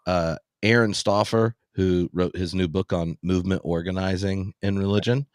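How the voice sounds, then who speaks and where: A man hosting a podcast in casual chat, telling animated anecdotes. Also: low-pitched, moderate pace, no room sound, studio quality. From US South. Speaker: podcast host.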